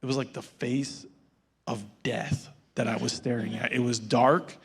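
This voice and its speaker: A man's voice: mid-range voice, fairly even intonation, measured pace, creaky, slightly rough. A male pastor giving a sermon in a casual storytelling manner and acting out the dialogue.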